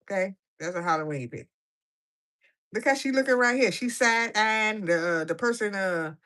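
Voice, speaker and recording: A woman's voice: medium pitch, lively intonation, moderate pace, a bit bright. A woman chatting casually and playfully as she colors in a coloring book for her viewers. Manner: playful, chatty, laughing commentary. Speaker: coloring vlogger. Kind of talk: casual chat while coloring.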